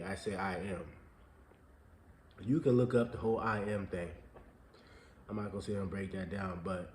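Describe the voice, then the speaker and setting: A man with a nasal, stuffed-up voice from sinus trouble, talking casually and rambling about motivation. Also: on the low side. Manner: relaxed, rambling with fillers. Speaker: co-host. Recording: echoey room with faint ambient noise.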